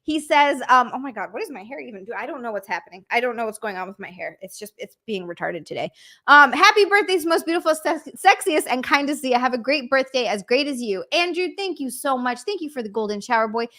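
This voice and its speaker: A young woman streamer, excitable and gushing, swearing as she reads out viewer messages and thanks them on a live stream. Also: high-pitched, quick pace. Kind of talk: live stream, reading out super chats.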